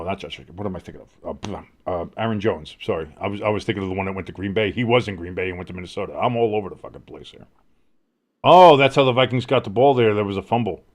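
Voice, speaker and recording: Male host calling football play-by-play, casual, excitable, rambling. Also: sits low. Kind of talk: live play-by-play commentary.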